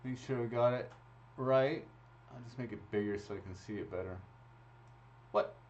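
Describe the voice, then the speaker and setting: A man with a medium-pitched, slightly mellow voice talks at a normal speed over faint background noise. He's hosting a live raffle, chatting and laughing casually as he works through each draw into a computer mic. The stream audio sounds dull and lo-fi.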